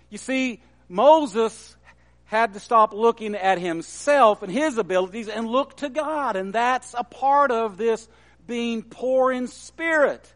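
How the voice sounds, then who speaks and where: Male pastor, high voice, slow deliberate sermon delivery, long hall reverb. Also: a bit bright. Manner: measured preaching, quoting scripture with emphasis.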